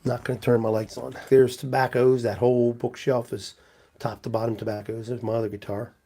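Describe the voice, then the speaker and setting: A man's voice: mid-range voice, flat delivery, fairly quick, warm tone. A man hosting a casual live stream, rambling as he greets viewers by name and walks around his home with a handheld camera. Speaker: livestream host.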